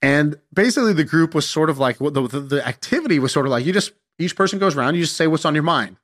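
A young man telling a casual anecdote in an animated, self-mocking way, swearing freely as he goes. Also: on the high side, fast. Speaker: storyteller.

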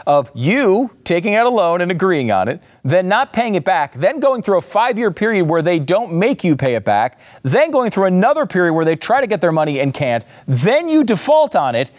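Sarcastic man with a lively high voice. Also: normal speed, hardly any pauses, no echo, clean studio sound. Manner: sarcastic, incredulous, rising to exasperated outbursts. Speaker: commentary host. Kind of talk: sarcastic monologue reacting to news clips.

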